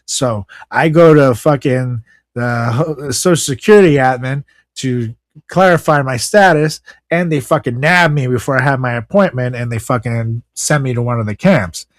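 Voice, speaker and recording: A man co-hosting a casual podcast, reading news items aloud and breaking off into profane, sarcastic rants. His voice sits in an ordinary middle pitch. The sound is dry and close to the mic. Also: moderate pace, no room sound. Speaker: podcast co-host.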